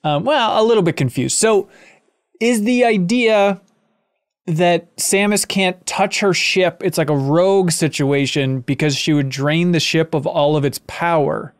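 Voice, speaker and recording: A man's voice: a little high, clean tone. Eager, questioning man on a gaming podcast. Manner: inquisitive, eager, quick asides. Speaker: podcast co-host. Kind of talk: casual video game discussion.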